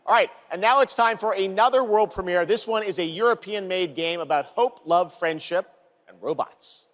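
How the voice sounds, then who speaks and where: A man hosting a live game showcase, upbeat and introducing guests with quick handoffs. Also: high-pitched, a bit bright. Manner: upbeat, keeps things moving with quick handoffs. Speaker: showcase host. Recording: reverberant stage with faint background noise.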